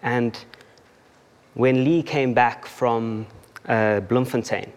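A South African man shares his testimony from a church stage, his voice carrying a long reverb off the hall. He keeps it conversational and self-deprecating, laughing at himself and stumbling into restarts. His pitch sits in an ordinary middle range for a man. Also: steady tone, takes it slowly, darkish tone, clean tone. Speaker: church member giving a testimony.

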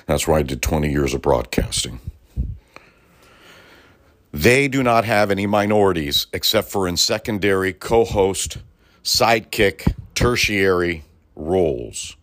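Speaking in a low, expressive voice at a measured pace with a fairly bright tone, this middle-aged Los Angeles talk-radio host rants about politics. The delivery is heated, profane, and emphatic, peppered with sarcastic asides.

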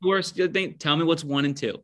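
A man's voice: on the high side, brisk, fairly bright tone. Young male co-host, casual, rambling, argumentative, trips over words. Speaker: podcast co-host. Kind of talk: casual podcast banter. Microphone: remote call mic.

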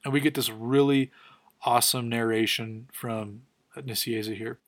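Fast-talking, enthusiastic man recapping comics. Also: mid-range voice, fairly even intonation, no echo. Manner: rapid, filler-heavy, enthusiastic. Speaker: comic book commentator. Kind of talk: casual recap commentary.

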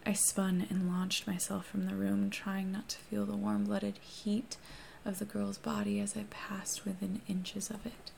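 Reading a first-person novel, a woman with a mid-range voice keeps an unhurried, steady, hushed delivery with few pauses, frequently slipping into a whisper. Her flat tone carries strong vocal fry, and a faint hiss lies beneath it.

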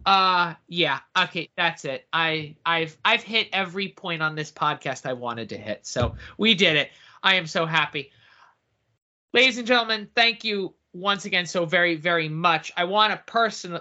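A man co-hosting a casual podcast, talking in an excitable, animated way. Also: fairly high pitch. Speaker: podcast co-host. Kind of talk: casual chat. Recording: dull lo-fi audio.

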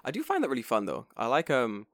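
A man from England chatting casually and telling a funny story, swearing freely and putting on high squeaky voices to mimic people. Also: wildly swooping pitch, quick pace, fairly bright tone, dry recording, studio quality. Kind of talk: casual chat.

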